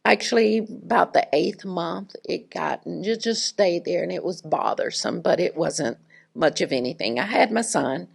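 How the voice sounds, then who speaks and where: Middle-aged woman, raspy gravelly voice, low-ish pitch, chatty lecturer. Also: lively intonation, measured pace. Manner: chatty and humorous, addresses audience directly. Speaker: faculty speaker. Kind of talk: conversational lecture with anecdote.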